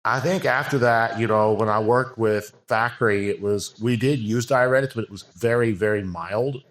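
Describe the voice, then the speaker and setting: A man talking as a podcast guest, telling a frank, rambling story full of fillers and restarts. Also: lowish voice. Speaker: podcast guest, bodybuilding coach. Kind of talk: casual interview talk.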